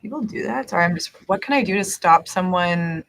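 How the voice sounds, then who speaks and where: A woman, a parking enforcement officer guesting on a livestream, chatting in a giggly, apologetic way with quick asides. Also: lowish voice, expressive, creaky, fairly bright tone, slight background noise. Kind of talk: casual livestream chat.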